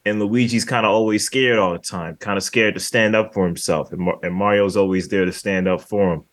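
A man co-hosting a podcast, retelling movie scenes in an animated way, with laughs and many restarts. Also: fairly low pitch, fairly quick. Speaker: podcast co-host. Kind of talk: casual movie review chat.

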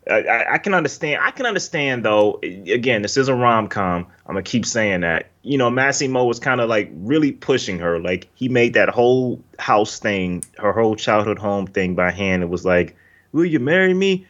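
A man's voice: on the low side, moderate pace, few pauses, fairly bright tone. A man co-hosting a casual movie review podcast, talking animatedly and acting out characters' lines. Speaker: podcast co-host. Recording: slightly dull lo-fi audio.

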